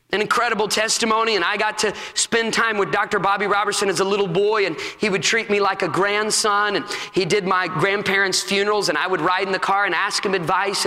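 A man preaching a sermon as pastor, telling a story and building into fervent, rising exhortation. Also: sits high. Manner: impassioned preaching, rising to shouts. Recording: long hall reverb.

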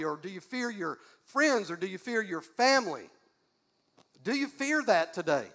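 A pastor preaching in a high, gravelly voice. His delivery is folksy and emphatic, and he leans on repeated questions to drive each point home. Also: fairly bright tone. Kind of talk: sermon.

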